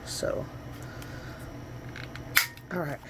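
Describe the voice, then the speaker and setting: A woman's voice: extremely slow, noisy background. A woman vlogger chatting her way through a crafting demo in her home studio, rambling and correcting herself as she goes, picked up by the camera's own microphone.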